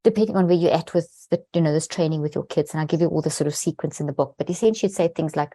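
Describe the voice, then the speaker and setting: A woman with a lowish, mellow voice talks as a podcast guest. She explains things earnestly and lands hard on the words that matter. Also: racing, hardly any pauses, no echo. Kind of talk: explaining in an interview.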